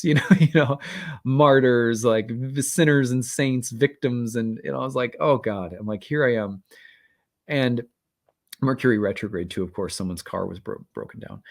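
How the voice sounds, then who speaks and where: A man hosting an astrology channel, telling a personal story in a candid, rambling way with many fillers and self-deprecating asides. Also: fairly low pitch. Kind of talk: casual storytelling monologue.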